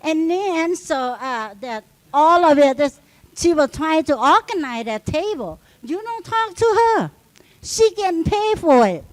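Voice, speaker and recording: A woman's voice: high voice, measured pace, no room sound, rough recording. A middle-aged woman, a union member on a panel, telling a story at a live event and acting out the dialogue. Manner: animated, acts out quoted dialogue.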